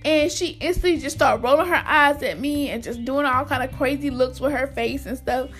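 Young woman, high voice, casual storytime vlog, chatty, slangy, talks to viewers, faint background music. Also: moderate pace, fairly bright tone. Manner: chatty, addresses viewers as y'all, slangy retelling. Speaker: vlogger.

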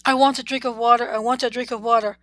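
A woman's voice: on the high side, level tone, fast, fairly bright tone, no echo, lightly acted. A woman voicing a feverish little girl who sobs and pleads for water. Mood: pleading. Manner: sobbing, pleading.

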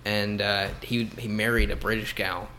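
A young man with a Texan accent chatting casually with a friend, laid-back and quick to laugh. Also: lowish voice, little pitch movement, sharp tone, a little hiss or hum. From Texas. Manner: laid-back, laughs often, says dude. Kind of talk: casual chat.

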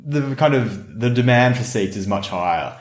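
An Australian man co-hosting a podcast, telling a travel story in a relaxed, rambling way. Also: medium pitch, normal speed. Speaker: podcast co-host. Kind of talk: casual chat, storytelling. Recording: roomy echo.

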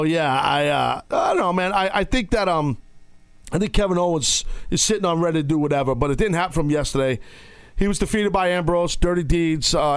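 A man hosting a wrestling podcast, talking casually and loudly, with playful outbursts. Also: a little high, smooth, no room sound. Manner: loud, playful, breaks into shouting bits. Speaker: podcast host. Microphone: studio mic.

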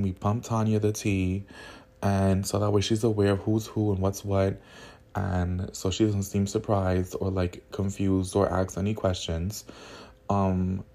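A man hosting a podcast, telling a story in a gossipy, profane, animated way. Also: low voice. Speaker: podcast host. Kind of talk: casual storytelling.

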